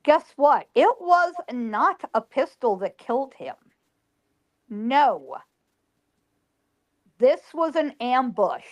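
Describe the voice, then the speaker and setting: A woman psychic, telling an emotional past-life story and quoting the people in it. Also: on the high side. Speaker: psychic guest.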